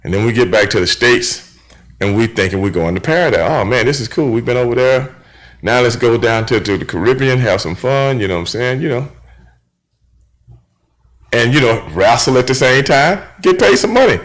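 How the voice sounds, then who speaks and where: A middle-aged man hosting a radio show, telling stories from the road in a casual, animated way and acting out the dialogue. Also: mid-range voice, moderate pace. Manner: animated storyteller, acts out quoted dialogue, frequent "you know what I'm saying".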